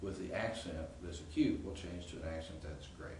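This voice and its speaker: A man lecturing a class in a relaxed, explanatory way, pitched a little low. He is heard from a distance in a very echoey room. A faint hiss sits under the recording. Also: fairly quick. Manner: explanatory, informal, asks students questions. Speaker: Greek professor.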